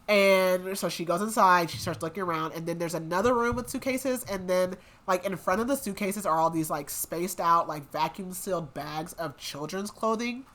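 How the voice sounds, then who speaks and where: A young woman with a somewhat low voice talks through a story recap for a book podcast. She is casual and rambling, with lots of "like" and "um", and slips into the characters' lines as she goes. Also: a bit bright. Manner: chatty, lots of "like" and "um", acts out quotes.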